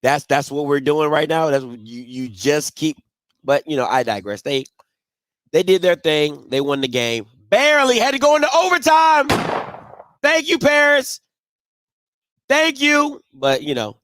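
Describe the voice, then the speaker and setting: High-voiced trash-talking man hosting a show. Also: sing-song, fairly bright tone, no room sound. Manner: playful trash-talking, repeats himself, drawn-out emphasis. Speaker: sports show host. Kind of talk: casual live postgame commentary. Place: home, green screen behind him.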